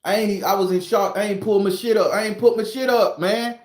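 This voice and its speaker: A man from southern Florida telling a wild personal story in a casual, profane, rambling way, climbing higher and louder as he gets worked up. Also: fairly even intonation, quick pace. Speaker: storytelling channel host. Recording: roomy echo.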